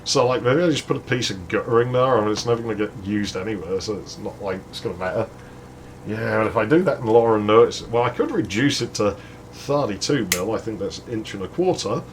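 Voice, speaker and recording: A man's voice: fairly low pitch, fairly quick, a little hiss or hum. Sweary man telling a story. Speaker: let's play host. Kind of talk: casual gameplay commentary and storytelling.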